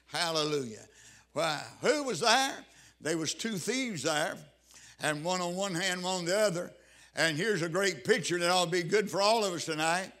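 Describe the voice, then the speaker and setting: A man preaching a sermon, with a rhythmic cadence, drawn-out emphatic phrases and shouted interjections. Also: high voice.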